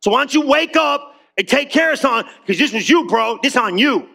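A man preaching a sermon in a church, animated and conversational, joking with the congregation. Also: very high voice, a little fast, vocal fry. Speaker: pastor.

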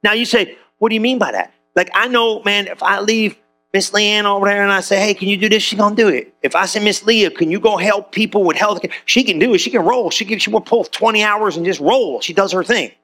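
A pastor giving a lively, conversational sermon, often acting out quoted voices and restarting his sentences. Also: high voice, fairly quick, soft background music. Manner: repeats himself with restarts.

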